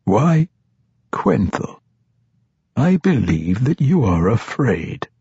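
A man reading an audiobook, voicing an old archmage who speaks in a slow, dry, mockingly calm way. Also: mid-range voice, vocal fry, husky, no room sound, voice pushed up, full character voice. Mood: wry. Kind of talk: audiobook character voice. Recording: dull lo-fi recording.

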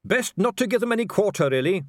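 A man's voice: a little high, sing-song, normal speed, dry recording, studio quality, voice pushed up. A man voicing a cheerful, earnest young male watch captain who is polite and keeps saying sir.

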